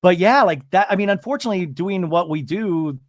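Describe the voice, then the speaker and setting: A male podcast host from Montana with a deep radio announcer voice, chatting casually and rambling through quick asides. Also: animated, no room sound, studio quality. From Montana, USA.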